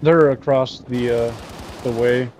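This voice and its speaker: A man's voice: medium pitch, fairly even intonation, slow, darkish tone, slight background noise. Laid-back man calling out in a shooter. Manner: laid-back callouts, swears, laughs. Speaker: gaming teammate. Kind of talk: casual gaming chat.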